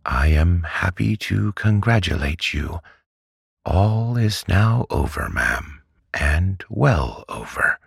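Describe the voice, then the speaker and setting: A man voicing a timid, mild male doctor who speaks meekly and softly, for a storybook reading. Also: low-pitched, lively intonation, takes it slowly, vocal fry, breathy edge, dry recording, clean studio sound, voice pushed up, full character voice. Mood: meek soothing. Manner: meek and soft-spoken. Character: meek, timid male country doctor, mild and soft-spoken.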